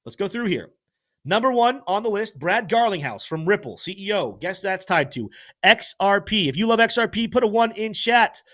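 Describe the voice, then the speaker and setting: This is live-stream market commentary from a man whose voice sits high with a fairly bright tone. He runs a crypto show, walking through charts with lots of energy, speaking to his chat and occasionally fumbling names.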